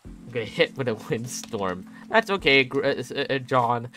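A man's voice: medium pitch, animated, moderate pace, sharp tone, a little hiss or hum. A young man streaming a game, rambling and joking casually with chat and laughing often. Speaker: gaming streamer.

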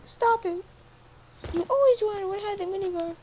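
A woman putting on a squeaky taunting high voice. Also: moderate pace, dark tone, a little hiss or hum. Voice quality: squeaky, sing-song. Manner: teasing, taunting, repetitive.

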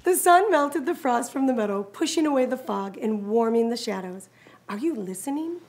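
Animated woman reading a picture book. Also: on the high side, moderate pace. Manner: animated, encouraging. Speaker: children's book reader.

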